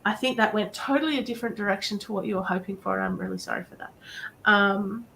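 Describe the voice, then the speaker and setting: A woman's voice: medium pitch, fast talker, gravelly, sharp tone, rough recording. Chatty woman giving encouraging advice. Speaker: psychic reader and show host. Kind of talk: live-stream card reading.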